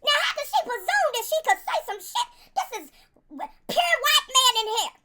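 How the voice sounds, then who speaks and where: A scornful slaveholder sneers in a sharp, very high voice, as a woman mocks him. His outrage comes out loud and clipped. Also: very animated, moderate pace, full character voice. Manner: contemptuous, indignant. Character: sneering racist slave-owning man.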